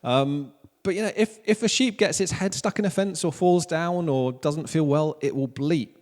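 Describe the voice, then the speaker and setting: A man in his thirties with a Welsh accent, preaching a relaxed sermon with jokes at his own expense. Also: fairly high pitch, normal speed. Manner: casual, joking, self-deprecating preaching. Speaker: pastor. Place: church hall. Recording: long church hall reverb.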